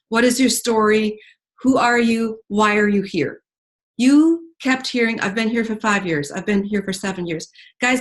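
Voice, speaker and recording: A woman telling an emotional story to a group in an earnest, talkative way, with many fillers. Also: on the high side. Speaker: speaker at a team retreat.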